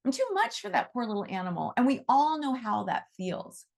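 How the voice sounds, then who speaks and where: A middle-aged woman teaching a talk on animal reiki to her students, effusive and animated, often repeating her phrases. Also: on the high side, fairly quick, vocal fry.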